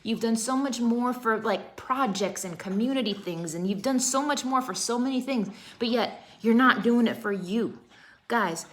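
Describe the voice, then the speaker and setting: A woman's voice: mid-range voice, a bit bright, a little hiss or hum. A woman fitness coach in her thirties talks straight to her viewers on a live stream. She is emphatic and keeps hammering home short rallying phrases in a motivational tone.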